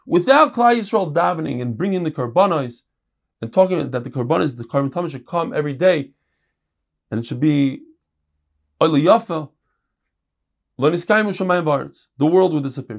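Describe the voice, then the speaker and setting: Man, casual Talmud teacher, gravelly voice. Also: fairly high pitch. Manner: reads quick Aramaic passages, then explains them in casual English. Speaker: Torah teacher. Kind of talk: Talmud class.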